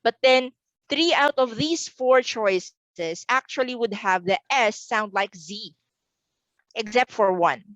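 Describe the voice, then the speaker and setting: Slow, deliberate woman teacher, dry close mic. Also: fairly high pitch, fairly bright tone, no echo, low-quality recording. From Philippines. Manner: deliberate, repeats words slowly for pronunciation drills. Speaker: exam reviewer. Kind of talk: recorded online lesson.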